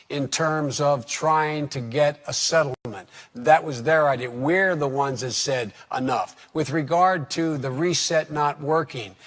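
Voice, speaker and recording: A man debating on stage, combative and quick to cut in on his opponent. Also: medium pitch. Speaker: debate candidate. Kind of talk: formal political debate.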